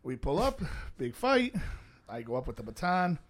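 A man's voice: on the high side, moderate pace. A man, a former police officer, telling crude stories on a podcast and acting out the voices of the people in them. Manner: animated, profane, acts out voices in his stories. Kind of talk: casual storytelling with crude humor.

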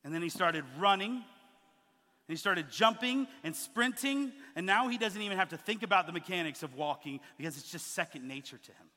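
A man in his thirties preaching a sermon as a pastor, telling stories with lively acted-out quotes. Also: fairly high pitch, fast, few pauses, in a large hall. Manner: animated storytelling, acting out quoted voices. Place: church sanctuary.

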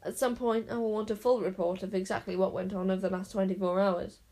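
A woman's voice: mid-range voice, steady tone, fast, mellow, close to an everyday voice. A proud, grim enchanter from a storybook, speaking in grand declaiming tones, as a woman puts him on. He sounds commanding and stern.

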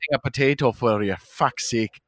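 A man's voice: mid-range voice, moderate pace, background noise. A man co-hosting a podcast, laughing and recounting in casual chat. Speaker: podcast co-host.

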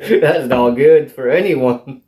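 A man's voice: medium pitch, dark tone. A man co-hosting a casual review chat, teasing and joking with his co-host. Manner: teasing, quick jokes, laughs often. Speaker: podcast co-host. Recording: echoey room.

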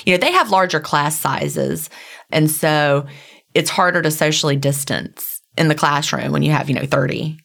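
Middle-aged woman co-host, low gravelly voice, earnest and rambling. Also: moderate pace, a bit bright. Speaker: podcast co-host. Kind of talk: casual podcast chat.

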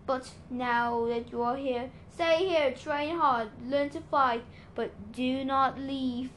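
A woman voicing a kindly older male centaur teacher who speaks calmly and solemnly, in an echoey room. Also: sits high, slow pace, a little hiss or hum. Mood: earnest.

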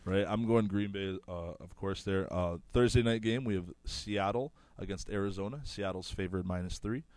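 A man with a low voice hosts a casual sports picks chat, easygoing and profane, breaking into loud laughs. The sound is dry and close, with no room around it. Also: moderate pace, dry recording. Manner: laid-back, swears freely, laughs loudly. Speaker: podcast host running weekly picks.

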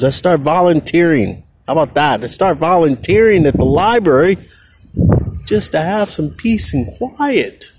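A man's voice: fairly high pitch, lively intonation, normal speed, a little hiss or hum. A man from California hosting a podcast, musing aloud in a loose, reflective solo ramble outdoors. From California, USA. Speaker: podcast host. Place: outdoors, with a helicopter overhead. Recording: loud jazz music playing behind the voice.

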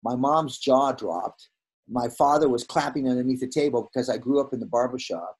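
Husky-voiced older man telling stories. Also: medium pitch, moderate pace. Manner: animated, acts out quoted dialogue. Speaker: guest, veteran hairdresser. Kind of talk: casual storytelling in conversation.

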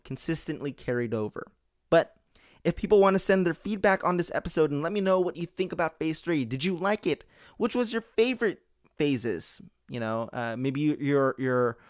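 A man's voice: mid-range voice, smooth, no echo, clean studio sound. A man hosting a podcast in a casual, rambling way, with many "uh"s and restarts, into a podcast microphone. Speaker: podcast host. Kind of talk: casual chat.

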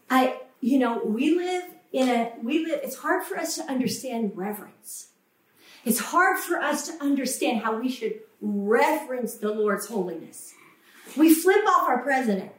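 A woman with a high-pitched, expressive voice preaches a passionate sermon at a slightly slow pace. She acts out the voices of those she quotes and repeats words for emphasis. The room is echoey, and she sounds distant from the mic.

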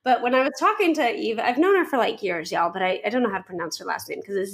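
A woman's voice: medium pitch, quick pace, few pauses, a bit bright. A woman hosting a podcast in loose, chatty talk, giggling and running off on tangents. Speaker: podcast host. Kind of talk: casual podcast chat.

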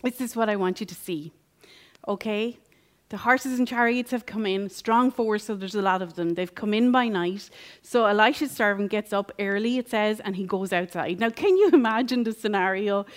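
A woman's voice: medium pitch, normal speed. A woman teaching a Bible passage as a sermon, repeating key phrases and asking rhetorical questions.

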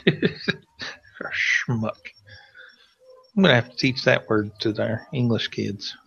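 A man with a light Southern accent and a gravelly edge to his voice talks cigars in relaxed, chatty fashion. He laughs easily and often while telling a story. The recording sounds dull and lo-fi. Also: mid-range voice, slow. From Tennessee, US. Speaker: cigar podcast co-host. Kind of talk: casual chat.

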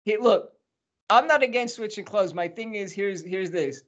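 A man's voice: high voice, normal speed, lo-fi sound. A man co-hosting a podcast, rambling and joking about football with plenty of swearing. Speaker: podcast co-host. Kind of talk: casual chat about football.

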